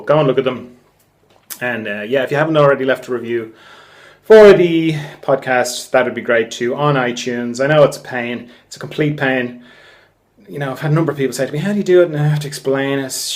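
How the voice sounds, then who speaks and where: A man's voice: medium pitch, brisk. An Irish man hosting a solo podcast, rambling and joking, swearing freely and laughing at himself. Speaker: podcast host. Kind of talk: casual solo podcast monologue.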